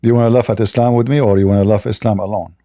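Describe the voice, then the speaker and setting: A man's voice: fairly low pitch, fairly even intonation, racing, warm tone. A man hosting a live online debate, mocking and combative, often laughing at his opponents. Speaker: debate host.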